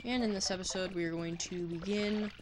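A woman hosting a let's play, quick and offhand with chatty asides. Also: fairly low pitch, steady tone, loud music behind the voice. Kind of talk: gameplay commentary.

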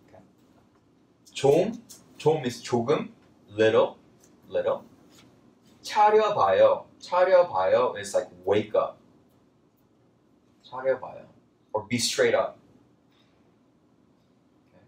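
A man teaching a casual language lesson, talking in a loose, chatty way with lots of fillers and lively bursts when he quotes phrases. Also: mid-range voice, moderate pace, long pauses, recorded from a distance. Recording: roomy, from off-mic, faint background noise.

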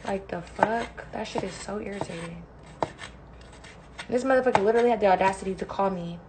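A woman's voice: medium pitch, fairly quick, a little mellow. Blunt, profane young woman ranting. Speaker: livestreamer. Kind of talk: casual livestream chat while cooking. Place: home kitchen. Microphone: phone. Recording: noisy phone livestream.

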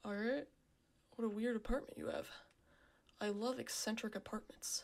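A woman plays horror video games for her YouTube channel, joking along and yelping or exclaiming when jump scares hit. Her voice sits a little high and is creaky, with fairly even intonation, normal speed and long pauses. Game music runs behind her voice.

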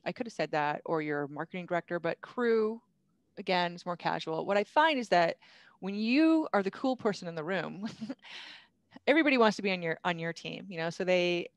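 A woman's voice: on the low side, lively intonation, a little fast, no room sound. Chatty, laughing woman presenter. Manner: upbeat, chatty, laughs often. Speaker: guest speaker, company founder. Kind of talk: casual webinar presentation.

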